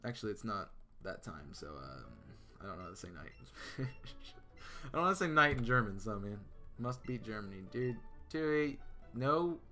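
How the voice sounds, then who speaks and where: A man's voice: on the low side, lively intonation, normal speed, bright, forceful tone, soft background music. A man streaming a game live, chatting casually with his viewers, with lots of fillers and restarts. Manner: chatty, answers chat, many fillers and restarts.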